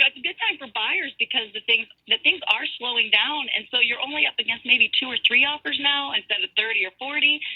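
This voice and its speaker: Realtor woman calling in, chatty storyteller, slightly high, husky, dull phone line sound. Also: no echo. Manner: chatty storyteller, animated quoting. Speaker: realtor guest. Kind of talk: casual radio chat.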